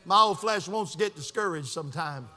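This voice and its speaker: Fervent high-voiced man preaching in hall. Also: expressive, brisk. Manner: fervent preaching, swinging from shouts to hushed asides. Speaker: pastor. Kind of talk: sermon.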